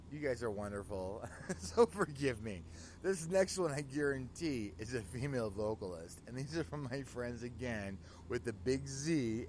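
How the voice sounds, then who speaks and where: A man hosting a radio show, chatting casually between songs in an excitable, apologetic way with frequent laughter. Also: medium pitch, a little hiss or hum.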